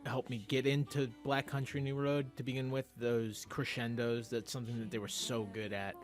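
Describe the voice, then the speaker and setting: A man co-hosting a casual album review, opinionated and animated. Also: mid-range voice, normal speed, soft background music. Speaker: music review co-host. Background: album playing faintly.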